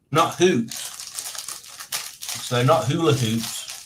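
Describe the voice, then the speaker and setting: A man's voice: medium pitch, lively intonation, measured pace, long pauses, roomy sound, background noise. A man hosting a live stream from home, casually chatting and reading out the chat with dry, playful teasing. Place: home room.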